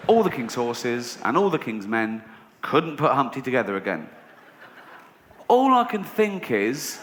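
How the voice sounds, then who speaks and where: A man's voice: mid-range voice, a little slow. English man doing stand-up over audience noise. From England. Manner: storytelling, deadpan then rising to incredulous rants. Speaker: stand-up comedian. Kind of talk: stand-up comedy routine. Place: theatre stage with a laughing audience. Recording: noisy live venue recording.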